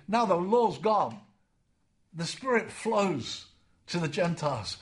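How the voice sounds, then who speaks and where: A man delivers a sermon in a fairly high voice. He is earnest and repeats his key phrases to drive them home. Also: expressive, unhurried. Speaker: preacher.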